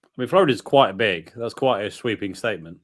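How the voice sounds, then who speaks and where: A man's voice: lowish voice, animated, a little fast. A man co-hosting a casual chat, making dry, teasing remarks and asking questions. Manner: wry, teasing, asks questions. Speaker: co-host.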